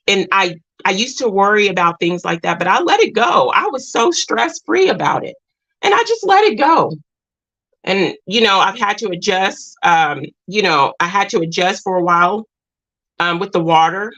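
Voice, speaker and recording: A woman's voice: medium pitch, a bit bright, rough recording. A woman telling a personal story in a casual vlog, earnest and rambling, with restarts and moments near tears. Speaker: vlogger.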